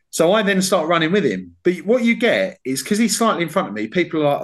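A man's voice: a little high, quick pace, hardly any pauses. A man hosting a podcast, telling a story in casual chat, swearing a lot and laughing as he goes. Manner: sweary, animated, laughs while telling stories. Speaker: podcast host.

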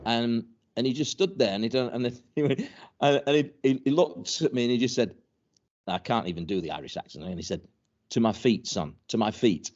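A man's voice: mid-range voice, animated, a little fast, darkish tone. An older man, a former footballer telling stories in a casual interview, stumbling and repeating words as he goes. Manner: rambling, many restarts and repeated words, chuckling. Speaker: former professional footballer guest. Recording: dull lo-fi recording.

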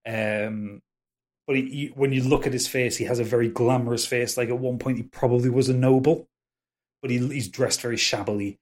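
A man's voice: medium pitch, steady tone, a little mellow. A man narrating a tabletop game as game master, often restarting and stumbling over words. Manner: halting, many restarts and fillers.

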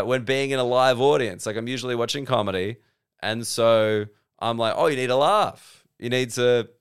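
A man's voice: mid-range voice, fairly bright tone, smooth. A man with an Australian accent, a comedian hosting a solo podcast, rambling and self-deprecating, swearing freely. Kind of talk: solo casual podcast monologue.

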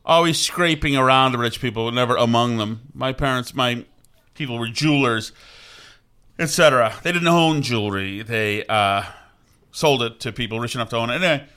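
Rambling bright-voiced man. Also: mid-range voice, normal speed, smooth. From Vermont. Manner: rambling, full of restarts and asides. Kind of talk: casual chat.

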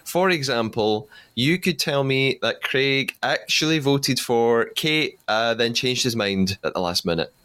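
A man's voice: medium pitch, animated, a little slow, hardly any pauses, sharp tone, clear, resonant tone. A man hosting a podcast interview in a chatty way, laughing easily between questions. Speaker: podcast host.

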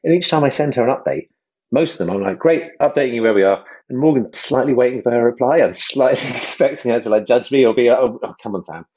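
A man hosting a casual podcast conversation, enthusiastic and self-deprecating, slipping into quick impressions. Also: mid-range voice, darkish tone, husky, rough recording. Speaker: host and project creator.

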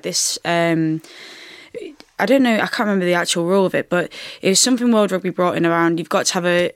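A woman's voice: fairly low pitch, no echo, studio quality. A woman, chatting casually as an interview guest and often repeating herself with fillers. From England. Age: 20s. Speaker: rugby player guest.

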